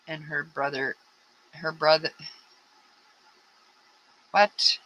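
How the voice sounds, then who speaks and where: A woman's voice: low-pitched, steady tone, takes it slowly, pauses often, pushed and bright, poor audio. A woman hosting a casual true-crime commentary, rambling with blunt, frustrated asides. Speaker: true crime channel host.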